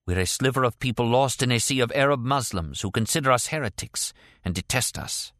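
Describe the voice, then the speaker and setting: A man's voice: medium pitch, brisk, a bit bright, no echo, clean studio sound, pitched above the performer's own voice, natural voice. A man voicing a proud, fierce young woman agent who speaks solemnly and bitterly.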